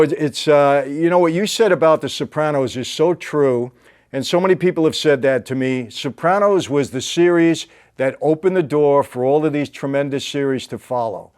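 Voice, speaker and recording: A man's voice: fairly high pitch, darkish tone, smooth. A middle-aged man hosting a casual interview, earnest and complimentary. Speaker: interview host.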